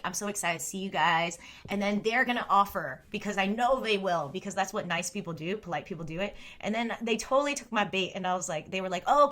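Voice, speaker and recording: A woman's voice: medium pitch, bright, forceful tone. A woman in her thirties chatting casually on a live stream, rambling and oversharing, full of "like" fillers and the odd swear.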